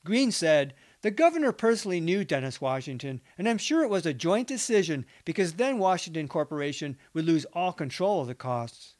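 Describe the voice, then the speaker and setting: A man narrating a nonfiction account, reading interview quotes in an even, measured way. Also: fairly high pitch. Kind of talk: documentary book narration.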